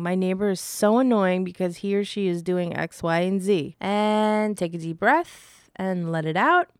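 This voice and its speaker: A woman's voice: mid-range voice, clean tone, dry recording, clean studio sound. A middle-aged woman co-hosting a show, cheerfully guiding a tapping exercise and laughing often. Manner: upbeat, laughs often, acts out annoyed self-talk. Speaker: podcast co-host leading tapping. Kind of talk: guided EFT tapping demonstration.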